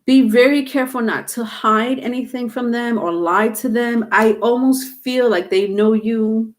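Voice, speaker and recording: A woman doing a live tarot reading, talking casually, halting and repeating words, with some swearing. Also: a little high. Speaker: tarot reader.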